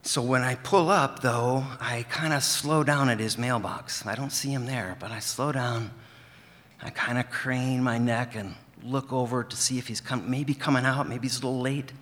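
A man telling a personal story on stage, earnest and gentle. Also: mid-range voice, normal speed, big-room sound. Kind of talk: live storytelling.

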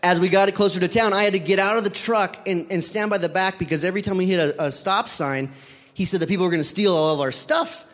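Man with a slightly raised voice telling a lively, self-deprecating anecdote, reverberant room. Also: high-pitched, fast talker. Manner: animated, self-deprecating, acts out dialogue. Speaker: storyteller. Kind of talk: casual spoken anecdote.

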